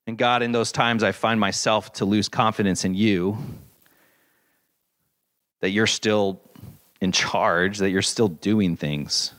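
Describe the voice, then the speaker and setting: A man's voice: lowish voice, steady tone, slow pace, pauses often, a bit bright. A man preaching a sermon as pastor, earnest and reflective, reading scripture with rising emphasis.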